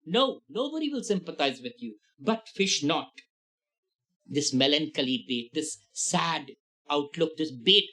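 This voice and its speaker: A man, a tutor explaining a play to students in an animated way, acting out lines in shifting voices. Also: fairly high pitch, measured pace, poor audio. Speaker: literature tutor.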